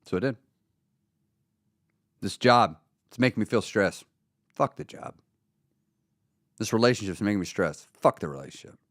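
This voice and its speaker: A man's voice: fairly low pitch, normal speed, long pauses, dry recording, studio quality. A man hosting a live stream, talking casually and bluntly with lots of swearing. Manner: blunt, profane, animated. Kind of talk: casual motivational talk.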